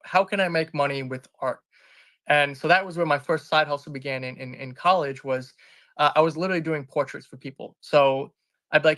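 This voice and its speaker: A fairly high-pitched man with a forceful, bright tone tells a personal story as an interview guest. He sounds earnest and rambles, doubling back to restart and correct himself. The voice is close and dry. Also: fairly quick, no echo. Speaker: interview guest, business founder. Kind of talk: candid personal storytelling in conversation.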